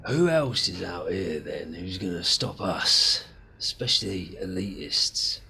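Game master, male, gravelly low voice, playful narrator. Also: lively intonation, a little slow, bright, forceful tone, slight background noise.

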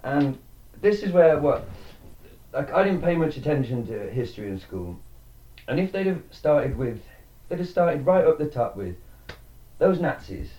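A man's voice: fairly high pitch, big pitch swings, unhurried, warm tone, rough recording. A man co-hosting a casual podcast, rambling and swearing as he gets worked up. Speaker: podcast co-host. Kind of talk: casual chat.

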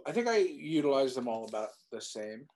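A woman co-hosting a casual podcast chat, ranting in an animated, profane way. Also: extremely low pitch, a little fast.

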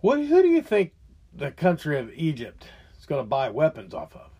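Fiery, high-pitched ranting man. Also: huge pitch swings, normal speed, warm tone, slightly rough. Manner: heated, profane, ranting. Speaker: show host. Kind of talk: angry political rant.

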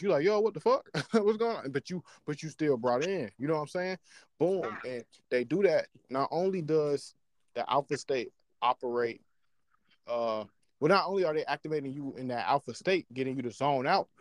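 A man in casual podcast chat, talking in an animated, slangy way and checking in with his listeners as he explains. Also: medium pitch, dry recording. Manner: animated, slangy, often asks "you know what I'm saying". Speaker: podcast co-host.

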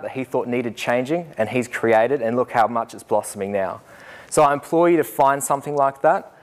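Brief: Australian male teacher, young adult, mid-pitched, lively speech-storyteller who acts out voices. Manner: animated, acts out quoted voices with humor. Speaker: teacher giving a talk.

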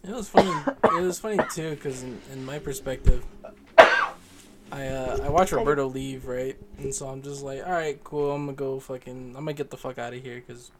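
A young man in a casual chat, retelling events in an animated, profane way with high exasperated outbursts. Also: moderate pace, a loud crowd. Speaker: podcast co-host.

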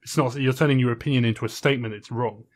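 A man's voice: mid-range voice, steady tone, rapid-fire. A man co-hosting a podcast in casual chat, earnestly and steadily laying out an argument. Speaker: podcast co-host.

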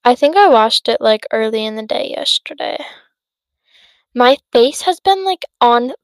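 A woman's voice: fairly high pitch, expressive, measured pace, dry recording. An eighteen-year-old woman chatting on her solo podcast, rambling with many fillers and sounding tired and yawny. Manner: rambling, lots of fillers and self-interruptions. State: tired, yawning. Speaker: podcast host. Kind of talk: casual solo podcast chat.

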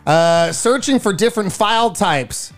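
A man's voice: sits high, animated, a little slow, faint music behind. Male morning radio co-host, playful, telling stories in jokey banter. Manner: jokey, bursts into silly put-on voices.

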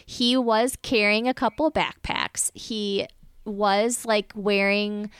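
A woman telling a personal story in a casual chat, animated and acting out what other people said. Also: medium pitch, takes it slowly, clean tone, no echo. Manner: animated, acts out the quoted voices of others.

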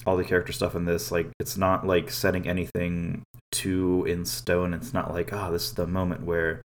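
A man's voice: deep voice, completely flat delivery, moderate pace, a little hiss or hum. A man co-hosting a casual anime podcast, talking loosely and going off on tangents with easy laughter. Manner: loose, digressive, laughs easily. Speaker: podcast co-host.

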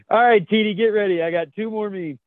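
A man's voice: high-pitched, no room sound. A man co-hosting a podcast, chuckling as he reads out memes in a casual, jokey chat. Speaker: podcast co-host. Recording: tinny phone-like line, dry.

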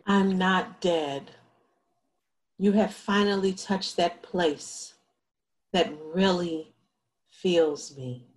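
A tender ghost of a departed woman, played by an actress, her voice drawn out and unhurried. She speaks low and calm, steady and soothing. Her voice is set a little lower than most women's. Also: low-quality recording. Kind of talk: stage play acting.

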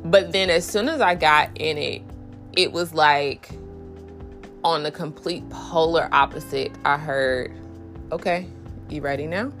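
A podcast host talks openly and casually about her faith, full of fillers and restarts, pitching her voice up to act out inner voices. She speaks at a measured pace in a slightly bright voice, with soft music in the background.

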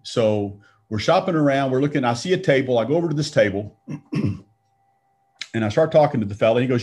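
A man's voice: mid-range voice, animated, moderate pace, a little mellow. A middle-aged man from Texas, telling a personal faith story in a conversational way and acting out the quoted lines. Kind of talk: storytelling talk.

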